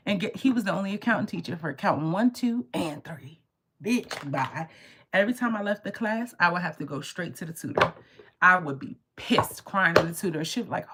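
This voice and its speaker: Woman, tarot reader, casual live-stream chat, animated storyteller, faint noise behind. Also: medium pitch. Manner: animated storytelling, swears freely.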